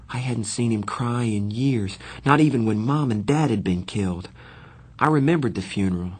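A man narrates a novel in the first person, his low voice a little husky. He keeps an even storytelling manner and slips into light character voices for the dialogue. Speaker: audiobook reader. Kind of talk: scripted narration.

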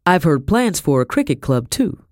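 A man's voice: fairly high pitch, big pitch swings, moderate pace, no echo, clean studio sound. A man voicing a smug, wealthy merchant hosting a dinner, in an audiobook.

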